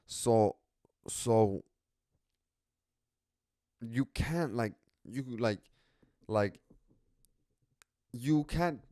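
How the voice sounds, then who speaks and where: A man's voice: mid-range voice, lively intonation, drawn-out words, long pauses, warm tone, no room sound, clean studio sound. A young man hosting a podcast, talking casually in a rambling way with lots of slang, swearing and restarts. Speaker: podcast host.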